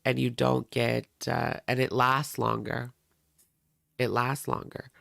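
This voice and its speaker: A man with a heavily gravelly, fry-laden voice hosts a reaction livestream, talking at an unhurried pace. He rambles and chats straight to his viewers. The sound is dry and close, with no room around it. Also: mid-range voice, level tone, fairly bright tone, no room sound. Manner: chatty, rambling, talks to viewers. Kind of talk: casual livestream chat.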